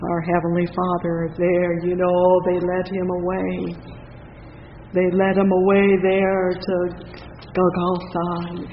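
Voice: mid-range voice, completely flat delivery, slow pace. A preacher giving a fervent sermon, often breaking in with "oh, yes" between scripture readings. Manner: fervent, punctuated with repeated "oh, yes". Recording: roomy hall reverb, dull lo-fi sound, faint hiss.

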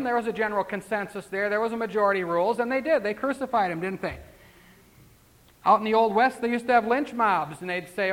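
A man's voice: sits high, brisk, fairly bright tone. A man preaching a sermon in a folksy, conversational way, full of rhetorical questions and asides. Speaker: pastor. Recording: long hall reverb.

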